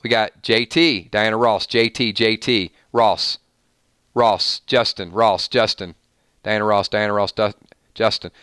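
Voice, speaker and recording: A man's voice: lowish voice, steady tone, measured pace, a bit bright, clear, resonant tone, no room sound, clean studio sound. A man hosting a live-stream chat, playfully reading out viewer votes on music matchups. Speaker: host.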